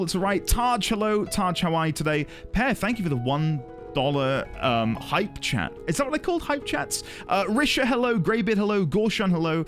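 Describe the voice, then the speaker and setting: Lively man chatting to his stream. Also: medium pitch. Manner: lively, greets chat by name, chatty tangents. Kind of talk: casual livestream chat.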